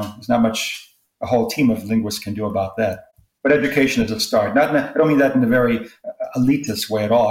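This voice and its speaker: A man who is a linguistics expert, explaining points in an interview in a lecturing way and giving spoken examples. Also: mid-range voice. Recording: roomy echo.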